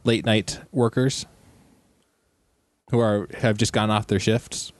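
A man narrating a tabletop role-playing game as game master, with frequent pauses and restarts. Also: on the low side, flat delivery, no room sound. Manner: halting, many ums and restarts.

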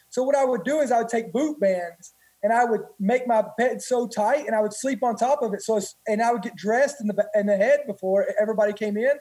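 A man's voice: extremely high pitch, darkish tone, husky, poor audio. A man, a former Marine and guest, telling stories casually in a rambling, profane way. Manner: rambling, profane, many restarts. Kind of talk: casual storytelling.

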